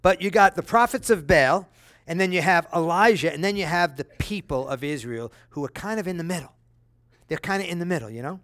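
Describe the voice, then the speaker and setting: A man delivers a sermon in a noticeably high voice, reading scripture with dramatic flair. He breaks in with casual, conversational asides that check in with his listeners. The sound is dry and close, with no room echo. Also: fairly quick. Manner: dramatic, lively reading of quoted speech. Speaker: preacher.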